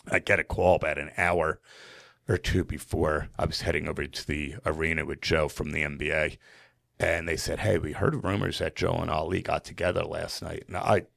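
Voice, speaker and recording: A man from New Jersey, a podcast guest, telling a story in earnest, animated style with frequent fillers. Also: very deep voice, normal speed, gravelly. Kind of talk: emotional storytelling in conversation.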